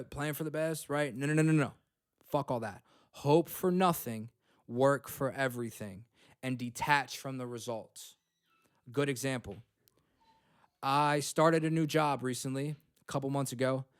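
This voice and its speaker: A man's voice: medium pitch, smooth, no room sound, studio quality. A young man hosting a self-help podcast from home, blunt and profane, checking in often with "okay?" and "right?". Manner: blunt, swears freely, repeats points with "okay?" and "right?". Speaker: podcast host. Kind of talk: motivational self-help talk.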